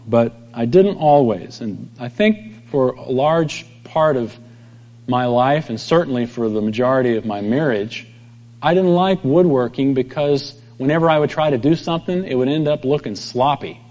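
A middle-aged pastor giving a conversational sermon, telling stories and acting out quoted voices. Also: male voice, medium pitch, lively intonation, normal speed, a little mellow. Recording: long hall reverb.

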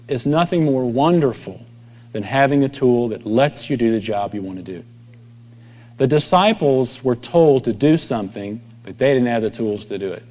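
A middle-aged pastor giving a conversational sermon, telling stories and acting out quoted voices. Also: male voice, fairly high pitch, a little mellow, muffled recording. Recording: long hall reverb.

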